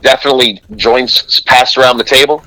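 A man in his twenties, a podcast guest in casual chat, agreeable and quick with profanity. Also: medium pitch, steady tone, pushed and bright, dry recording, low-quality recording. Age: 20s.

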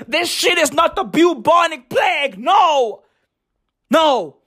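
A woman hosting a comedic podcast, ranting in slangy, profane, excitable talk. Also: high-pitched, slow pace. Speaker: podcast host.

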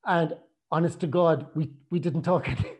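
A man telling a personal story in a chatty, animated way, often acting out what people said. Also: a little high, moderate pace, husky. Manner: chatty, animated retelling with acted quotes.

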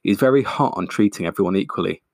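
A man's voice: low voice, lively intonation, quick pace, a little mellow, no echo, clean studio sound. A man voicing an anxious young woman who talks in an earnest, cautioning way.

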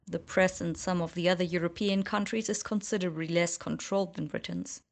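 A woman's voice: fairly low pitch, steady tone, fairly quick, close to an everyday voice. A woman reading the lines of a cool, sardonic young male wizard in an audiobook.

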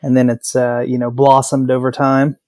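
Relaxed, matter-of-fact man guest. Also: mid-range voice, moderate pace, dry recording. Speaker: podcast guest. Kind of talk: casual podcast chat.

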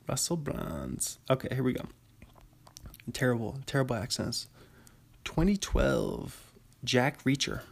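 A man's voice: medium pitch, gravelly. Rambling young man full of fillers. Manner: rambling, filler-heavy, laughs often. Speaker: podcast host. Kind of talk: casual solo commentary.

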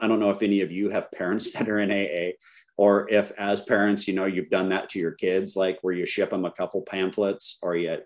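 Telling his story to a group with self-deprecating humor, a middle-aged recovery speaker speaks candidly in a low, slightly mellow voice.

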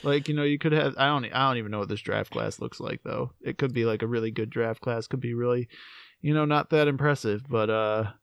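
A young man co-hosting a casual sports podcast, relaxed and loose, filling his talk with "you know" and "like". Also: mid-range voice, brisk, vocal fry, dry recording. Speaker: podcast co-host.

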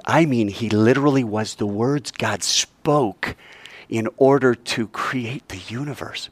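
A man's voice: mid-range voice, dry recording. A man leads a Bible class, firing questions at his listeners. His voice climbs and dips freely, and the recording is dry and close. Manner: animated, quizzes the class with questions. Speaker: Bible teacher.

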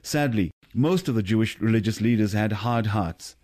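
A man's voice: lowish voice, moderate pace, darkish tone. A man giving scripted gospel teaching, earnest and putting questions to the listener. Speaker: radio preacher.

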